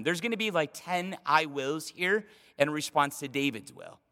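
A man's voice: on the high side, lively intonation, unhurried, pushed and bright, in a large hall. A man preaching a sermon in an earnest way, often repeating words as he builds emphasis. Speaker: pastor.

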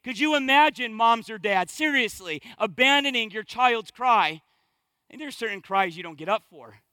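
A man in his thirties delivers a sermon in church with an unusually high, ringing voice. He is emphatic and drives points home by repeating phrases. The sound is close and dry. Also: expressive, moderate pace, pushed and bright, no room sound. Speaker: pastor.

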